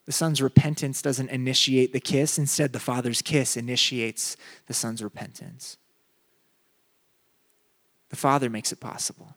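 A young adult man preaching a sermon, telling a funny personal story with big rises in his voice, then dropping low and soft for the message. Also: flat delivery, moderate pace.

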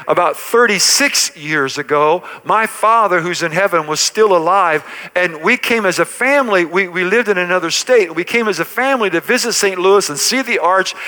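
Preacher guy, middle-aged, high sharp voice, fired-up sermon that goes loud then hushed. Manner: emphatic preaching with rising, swelling lines and hushed intense passages. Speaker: pastor.

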